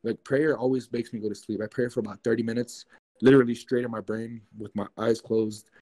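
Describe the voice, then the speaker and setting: A young man recounts a strange night in loose, animated talk, packed with fillers and swearing. His voice is warm and dark, and his pitch sits in an ordinary middle range. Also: a little fast, poor audio. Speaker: guest. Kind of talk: casual storytelling.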